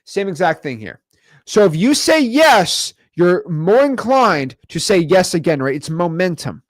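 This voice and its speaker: A man with a slightly high voice coaching on camera in a loose, conversational way. His pitch swings widely as he talks, and he keeps checking in with okay and right. The sound is dry and close. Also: measured pace, no room sound. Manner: animated, tag questions like okay and right. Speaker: real estate wholesaling coach. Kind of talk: casual teaching to camera.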